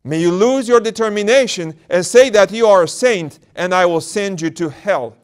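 A man voicing a boastful, spiteful demon that has possessed a young girl, in slow, loud declarations. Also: sits high, clean tone, voice pushed up, close to an everyday voice. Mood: menacing.

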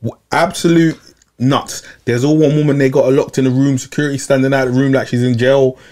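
A young man, telling a long personal story in casual chat, animated and repeating himself, full of slang. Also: medium pitch, brisk. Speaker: podcast regular.

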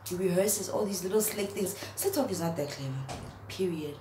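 A young woman, a vlogger, roasting someone in a mocking, animated rant to camera and laughing at her own jokes. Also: fairly low pitch, fairly quick, music in the background. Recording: roomy echo, faint background hum.

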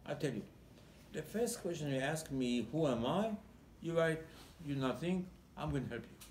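Man, rabbi, sermon, animated storytelling, repeats words, roomy echo. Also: a little high, a little hiss or hum. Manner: animated storytelling, acting out dialogue with rising emphasis; halting, repeats words while searching for phrasing. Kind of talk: Torah sermon. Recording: roomy echo, faint background ambience.

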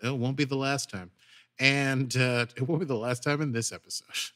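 He co-hosts a podcast and chats casually through an episode recap, voicing the characters' lines in a lively retelling. His pitch is medium and his speed normal.

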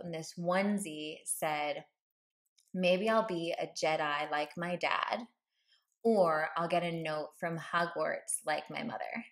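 A woman hosts her podcast and tells a personal story in a loose, chatty way, often breaking into laughter. Her voice sits a little low and has a gravelly, fry-tinged edge. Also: a bit bright. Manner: chatty, laughs often, many likes and ums. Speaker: podcast host.

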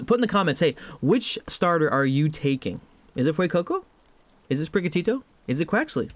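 A man's voice: a little high, big pitch swings, brisk, faint music behind. A man giving playful, chatty let's play commentary as a gaming YouTuber. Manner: playful, chatty, laughs often.

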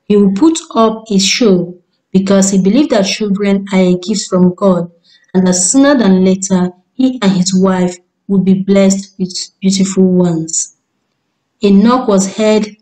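Woman storyteller, measured reading, mellow voice, mid pitch. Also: rough recording. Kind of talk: scripted story narration.

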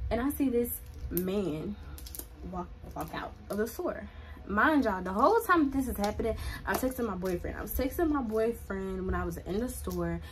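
A young woman in a storytime vlog, retelling events in a chatty, dramatic way with many "like" fillers. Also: mid-range voice. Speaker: vlogger.

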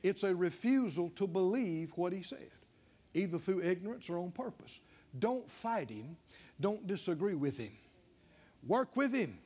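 A man's voice: sits high, big pitch swings, a little slow, a little mellow, slightly rough. An older man preaching a sermon and acting out back-and-forth dialogue, building to emphatic declarations.

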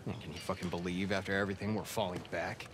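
A man voicing a deep, fast-talking grumbling soldier. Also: level tone, background noise, lightly acted.

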